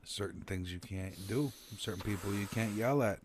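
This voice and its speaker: Low-voiced man with wry short replies. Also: normal speed. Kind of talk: casual chat. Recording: faint background noise.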